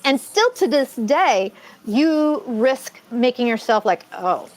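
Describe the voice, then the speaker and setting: Chatty woman host with a higher voice. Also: expressive, slow, darkish tone. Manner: rambling, self-correcting storyteller. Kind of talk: casual live-stream chat.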